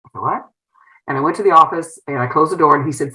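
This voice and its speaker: A woman's voice: low voice, a little fast, pushed and bright, low-quality recording. A middle-aged woman, a former principal turned entrepreneur, earnestly telling a personal story in an interview with many fillers and restarts. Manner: earnest, emotional retelling with frequent fillers and restarts.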